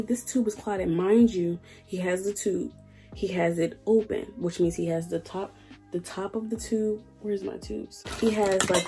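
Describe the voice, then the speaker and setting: A woman's voice: medium pitch, mellow. A young woman, ranting bluntly in a casual vlog and swearing freely. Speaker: vlogger. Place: indoors at work.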